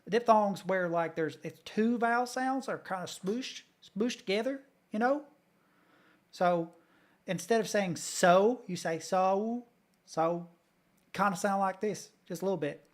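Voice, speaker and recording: A man's voice: high-pitched, normal speed. A man from Kentucky reacting casually to videos as a streamer, chatty, swearing freely and laughing often.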